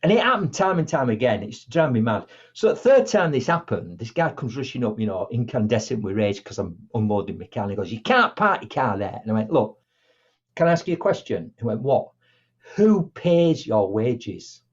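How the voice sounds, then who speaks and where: Husky guy, middle-aged, tells stories and does all the voices, dull lo-fi sound. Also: mid-range voice, fast talker. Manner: animated, acts out dialogue in different voices. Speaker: motivational speaker, guest. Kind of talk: conversational storytelling.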